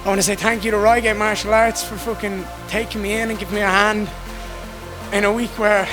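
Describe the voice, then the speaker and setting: A man's voice: high-pitched, little pitch movement, fairly quick, over music. A young Irish man in his twenties, a fighter giving an emotional, heartfelt post-fight interview full of swearing. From Ireland. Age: 20s.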